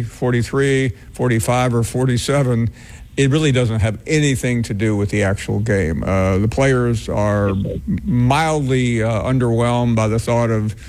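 Radio host guy, calm steady delivery, lots of uhs, mid pitch. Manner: measured, with filler "uh"s. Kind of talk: talk radio hosting.

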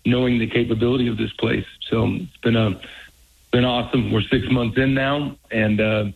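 A man, a college football head coach, talking earnestly on a radio call, halting with many restarts. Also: mid-range voice, fairly even intonation, creaky, husky. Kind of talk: phone-in radio interview. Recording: tinny phone line.

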